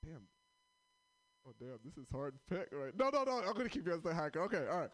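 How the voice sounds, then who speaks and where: A male stand-up comedian with a fairly high, lively voice that swings up and down. He rambles through his set with plenty of fillers and pokes fun at himself. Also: dry recording. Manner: rambling, self-deprecating, halting with fillers. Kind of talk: stand-up comedy with crowd work.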